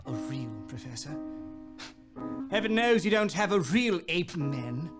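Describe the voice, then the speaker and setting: A snobbish upper-class British gentleman in an audio drama. His put-on posh accent is crisp and clipped, and every word drips with superiority. Music plays clearly under the lines. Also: on the high side, big pitch swings, measured pace. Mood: haughty. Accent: put-on posh British received pronunciation. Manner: clipped, haughty delivery.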